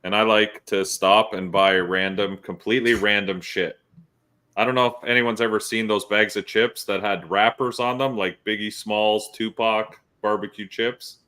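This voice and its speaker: A man's voice: on the low side, normal speed, clean tone. A male podcast host, telling profane stories in casual chat. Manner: profane, animated storyteller.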